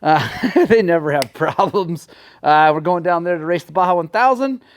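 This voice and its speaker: A man talking casually to the camera in his garage workshop, excitable and quick to swing between frustration and joy while working on a bike. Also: on the high side, a little hiss or hum. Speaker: motorcycle vlogger.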